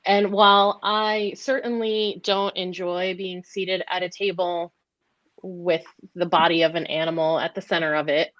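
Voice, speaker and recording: A woman's voice: on the low side, level tone, measured pace, fairly bright tone, dry recording, dull audio. A woman speaking earnestly and with measure in a casual group discussion, repeating her points for weight. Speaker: podcast panelist.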